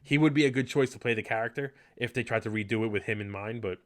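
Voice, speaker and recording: Male podcast host, casual and enthusiastic, middle pitch, loose rambling delivery. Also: fast talker. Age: adult. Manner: chatty, enthusiastic, rambling with fillers. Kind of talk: casual live podcast chat.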